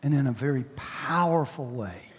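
A male pastor delivering a sermon, with emphatic repetition and slow, drawn-out stresses. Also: medium pitch, lively intonation, long reverb tail.

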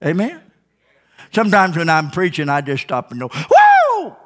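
A man preaching a sermon as a pastor in church, fervent and folksy, with call-and-response "Amen?" and sudden shouts. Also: a little high, expressive, quick pace. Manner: old-fashioned, down-home speech.

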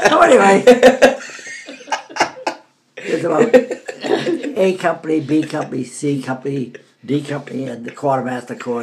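An older man from the Boston area telling stories about his army days in a casual, animated way. He laughs often and shouts out the lines he quotes. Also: mid-range voice, gravelly. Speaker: veteran telling war stories. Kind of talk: casual storytelling.

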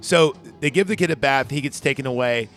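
A man's voice: mid-range voice, fairly quick, fairly bright tone, soft background music. A man casually recapping a film on a podcast, rambling and swearing as he acts out its lines. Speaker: podcast co-host. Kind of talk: casual movie recap chat.

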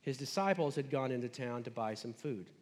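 A man's voice: medium pitch, lively intonation, a little fast, darkish tone, big-room sound. A man preaching a sermon in a conversational, casual way, retelling a scripture story.

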